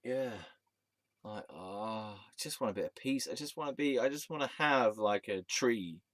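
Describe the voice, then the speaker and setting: A man's voice: mid-range voice, moderate pace, a bit bright, no room sound. A man telling a rambling, sweary personal story as a vlogger, often breaking into laughter.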